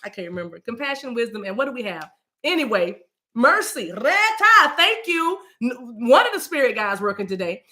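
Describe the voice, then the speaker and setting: Middle-aged woman, psychic reader on a live stream, slightly high voice, loose and chatty. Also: quick pace. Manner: rambling, colloquial, says y'all and you know what I mean; animated, breaks into voices and asides. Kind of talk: live-streamed spiritual reading.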